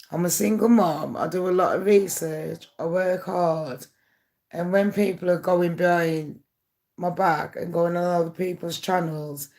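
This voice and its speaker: Woman venting to her channel, gravelly fry in the voice, blunt and hurt. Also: fairly low pitch, darkish tone. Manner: candid, aggrieved rant. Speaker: YouTuber. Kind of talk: casual monologue to camera.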